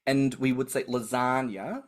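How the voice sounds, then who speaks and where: Australian guy on a podcast, lively storyteller, does little voices when he quotes people, swears a lot. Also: medium pitch, unhurried. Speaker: podcast co-host. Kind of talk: casual chat.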